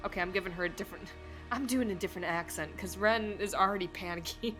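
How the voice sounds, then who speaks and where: A woman streamer comments live on a story game, full of joking asides. Her voice is bright and forceful, and faint music plays underneath. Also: medium pitch, fast talker.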